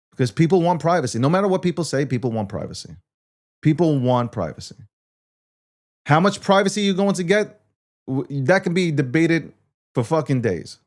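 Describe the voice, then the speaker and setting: A man's voice: fairly high pitch, darkish tone. A man hosting a casual market talk show, ranting in a profane, self-mocking way. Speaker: show host.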